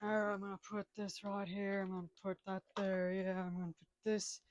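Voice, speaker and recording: A woman's voice: medium pitch, level tone, brisk, no echo, dull audio. A woman rambling crudely to herself while doing chores at home, groaning and cursing constantly. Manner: melodramatic wailing outbursts. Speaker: comedic vlogger. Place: home kitchen.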